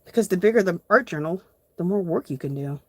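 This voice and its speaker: A woman's voice: on the low side, lively intonation, fast, slight background noise. A woman hosting a casual live art journaling tutorial, chatting to viewers as she works. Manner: chatty, addresses viewers as "you guys".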